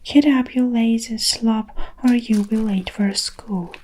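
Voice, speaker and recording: A woman voicing a flustered middle-aged father in a hushed whispered role-play. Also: fairly high pitch, steady tone, takes it slowly, slight background noise.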